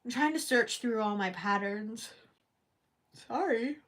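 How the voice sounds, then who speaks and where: A woman's voice: fairly high pitch, a little slow, fairly bright tone. A woman hosting a crochet livestream at home, rambling and thinking aloud as she works and chats with viewers. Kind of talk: casual chat while crocheting, reading live chat.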